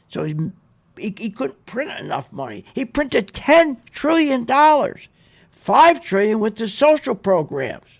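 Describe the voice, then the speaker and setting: Ranting man with a gravelly, high voice. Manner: ranting, sarcastic, mocks others in put-on voices. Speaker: radio show host. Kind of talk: opinionated market commentary.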